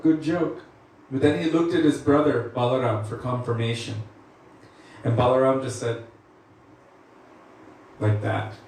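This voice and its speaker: A man giving a devotional lecture, explaining and telling a story in measured, drawn-out phrases. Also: on the high side, a little hiss or hum. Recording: echoey room from far off.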